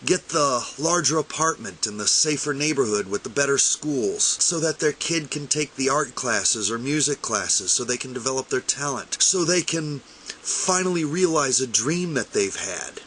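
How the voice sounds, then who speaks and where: A man's voice: mid-range voice, a little hiss or hum, low-quality recording. A man giving an impassioned fundraising appeal to camera, urging listeners not to quit, choked up with emotion. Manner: fervent, repetitive exhortations, rising to near-shouting. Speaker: armored combat fighter making a fundraising appeal.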